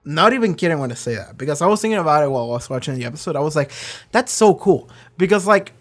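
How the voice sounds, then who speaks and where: A channel host reviewing a TV episode in a casual chat. The host rambles excitedly, swears freely and acts out characters in quick voices. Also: mid-range voice, faint music behind.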